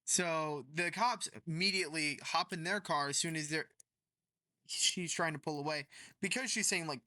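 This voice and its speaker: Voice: mid-range voice, moderate pace, sharp tone, no room sound. A storytime narrator casually retelling a story in a rambling way with many fillers.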